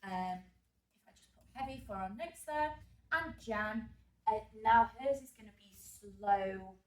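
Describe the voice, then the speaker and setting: A woman's voice: mid-range voice, unhurried, recorded from a distance. A woman drama teacher giving an exam revision lesson, chatty and full of fillers, who checks in with her class. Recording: echoey room, voice off-mic.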